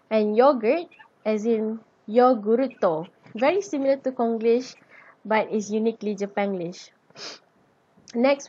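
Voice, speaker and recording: Young woman doing a class talk, slow and hesitant, kinda breathy, dull lo-fi recording. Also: fairly high pitch, a little mellow. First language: Malay. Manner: hesitant, many ums and restarts. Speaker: student presenter. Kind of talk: class presentation.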